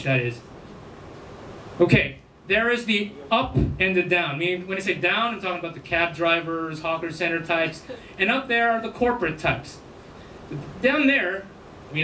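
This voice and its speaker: A chatty, self-amused man performs stand-up. His voice runs fairly high, and the venue makes it sound roomy and a little distant. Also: sharp tone, a little hiss or hum. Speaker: stand-up comedian. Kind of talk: stand-up comedy. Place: live comedy venue. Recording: roomy, distant, faint ambience.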